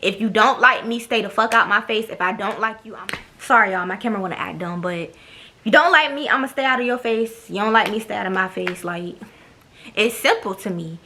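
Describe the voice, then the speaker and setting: A woman's voice: mid-range voice, fairly quick, bright, forceful tone, slight background noise. A young woman, telling a blunt, profane storytime to her camera. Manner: blunt, profane, sassy, mimics others. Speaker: vlogger. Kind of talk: casual storytime monologue.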